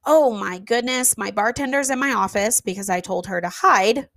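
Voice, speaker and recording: A woman who runs an event venue tells a casual story, animated and emphatic, with fillers and the odd swear word. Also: medium pitch, moderate pace, no echo. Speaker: venue owner.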